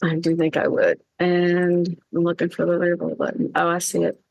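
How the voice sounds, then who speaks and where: A woman player chats through her turn and reacts out loud. Her voice sits in a middle range, and the sound is dry and close. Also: on the low side, level tone, moderate pace, creaky, no echo. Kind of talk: tabletop game play.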